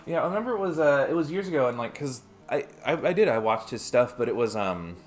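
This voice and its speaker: A man's voice: mid-range voice, lively intonation, fast. A young man chatting casually while streaming a game, telling rambling stories and laughing often. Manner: rambling anecdotes, frequent laughter.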